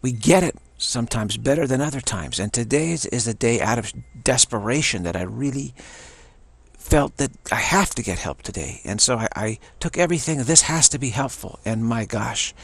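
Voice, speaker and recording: Gravelly man, halting personal testimony. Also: mid-range voice, expressive, no echo. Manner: halting, stumbles and repeats words.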